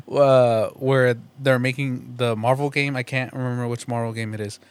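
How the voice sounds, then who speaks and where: A man's voice: mid-range voice, measured pace, clear, resonant tone, dry recording. A man in a casual chat with friends, telling stories animatedly and acting out the lines of the people in them. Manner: animated storyteller acting out quotes.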